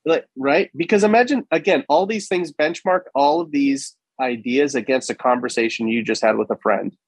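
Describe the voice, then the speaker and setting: A lively man argues his case in casual talk, firing off rhetorical questions and acting out what other people say. His voice sits at a middling pitch for a man. The sound is close and dry. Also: moderate pace, no room sound. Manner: animated, rhetorical, acts out quoted people. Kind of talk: casual conversation.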